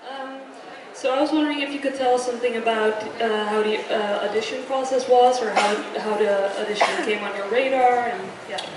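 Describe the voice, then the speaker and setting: A woman's voice: a little high, a little fast, heavy background noise. A woman in the audience hesitantly asking a panel question, trailing off at the end. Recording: echoey hall, far from the camera.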